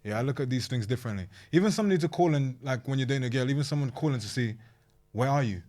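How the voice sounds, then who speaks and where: A man's voice: medium pitch, racing, darkish tone. A young man, chatting bluntly as a podcast guest, swearing freely and saying bruv a lot. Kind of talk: casual chat.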